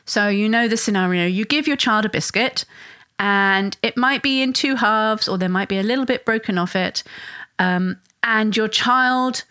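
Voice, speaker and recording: A woman's voice: normal speed, sharp tone, clean tone, no echo. Woman podcast host, conversational, acts out little quoted voices, dry close mic. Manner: conversational, acts out parent and child voices with rising pitch. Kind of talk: solo podcast explanation.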